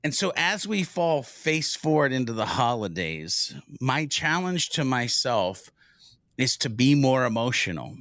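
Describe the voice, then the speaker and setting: A middle-aged man co-hosting a podcast, talking openly and earnestly with a heartfelt tone. His voice has a bright, forceful edge. It is recorded dry and close, with no room sound. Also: medium pitch, sing-song, a little slow, no room sound. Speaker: podcast co-host. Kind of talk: casual podcast chat.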